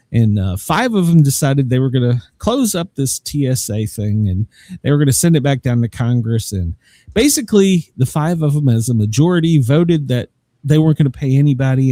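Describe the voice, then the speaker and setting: A man's voice: medium pitch, mellow, no room sound, clean studio sound. A man hosting a podcast in casual chat, rambling and self-mocking and often breaking into laughter. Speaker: podcast host.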